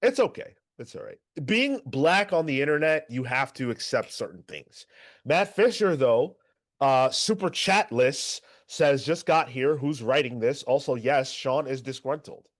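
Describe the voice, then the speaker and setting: A man co-hosting a comics podcast, reading chat and ranting in an animated, exasperated way. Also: medium pitch, a little slow. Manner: animated, swears, exasperated rants. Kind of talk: casual chat.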